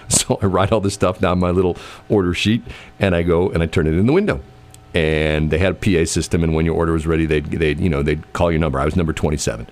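A man's voice: low-pitched, quick pace. A man telling a story in casual chat, acting out the people in it and laughing often. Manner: animated, acts out quoted voices, laughs often.

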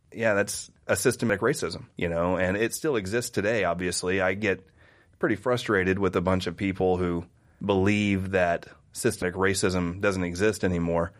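A man from the American Midwest, a guest in a casual conversation, telling stories animatedly. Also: low voice. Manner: animated storyteller who acts out quoted voices.

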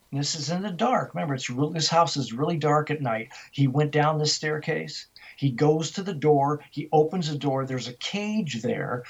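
An older man recounts a haunting as an interview guest, jumping into the voices of the people he quotes. His voice is husky and a little breathy. The sound comes through dull and lo-fi, like a phone line. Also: fairly high pitch. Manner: animated storyteller, acting out quoted voices. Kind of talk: storytelling in a radio interview.

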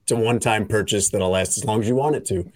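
A man's voice: fairly low pitch, fast, a little mellow, dry recording, studio quality. A man hosting a podcast in casual banter, rambling and joking with lots of "like" fillers. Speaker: podcast host.

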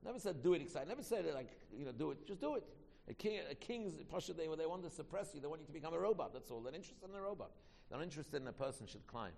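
Guy teaching a torah class super fast, gravelly voice, lots of restarts, echoey hall. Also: fairly high pitch, animated, a little mellow. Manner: quick, repetitive, with many restarts.

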